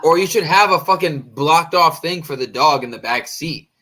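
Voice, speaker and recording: A man with a bright, forceful voice tells a rambling story to his friends on a casual podcast. He swears a lot and slips into quick impressions of the people in the story. His pitch sits a little high for a man. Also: slight background noise. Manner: animated, profane, acts out quoted voices. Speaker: podcast co-host.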